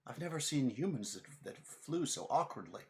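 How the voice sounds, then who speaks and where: A man's voice: fairly high pitch, big pitch swings, moderate pace, pitched above the performer's own voice. A man voicing a young female fairy princess in a tabletop game, earnest and apologetic. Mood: flustered.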